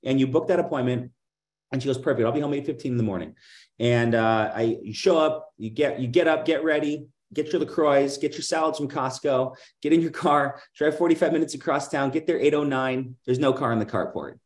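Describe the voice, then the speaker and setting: A man's voice: medium pitch, fairly quick, reverberant. Chatty man telling sales stories animatedly. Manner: animated, acts out dialogue in other voices; many fillers like "like" and "right?". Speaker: guest, insurance agency owner. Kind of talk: casual interview, storytelling.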